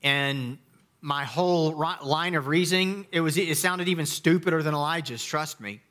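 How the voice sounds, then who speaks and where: Emphatic preaching man, high bright voice. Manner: preachy, emphatic with dramatic pauses and quiet drops. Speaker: pastor. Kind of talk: sermon.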